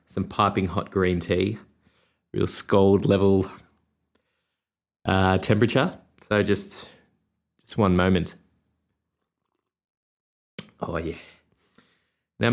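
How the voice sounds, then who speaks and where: A man's voice: deep voice, creaky. A young Australian man with an Australian accent, talking casually and rambling through a solo podcast with many fillers. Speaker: podcast host and musician.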